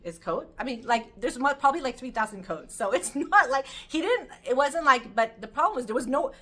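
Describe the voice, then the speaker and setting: A middle-aged woman giving an informal Torah class, telling stories in an animated, chatty way. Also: high-pitched, brisk. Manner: animated storytelling, lively and chatty. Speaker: Torah teacher.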